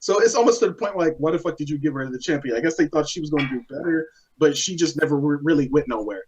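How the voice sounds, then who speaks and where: Male co-host, fairly high voice, exasperated profane rant. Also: animated, quick pace, slight background noise, low-quality recording. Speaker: podcast co-host. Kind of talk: casual chat.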